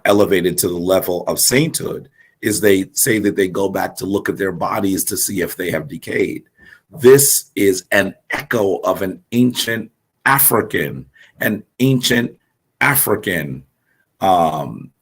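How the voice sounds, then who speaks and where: A man speaks in a fairly low voice, taking his time over every phrase in a live-streamed religious teaching. His throat is sore, and he lectures earnestly, often stopping on drawn-out ums. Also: breathy edge.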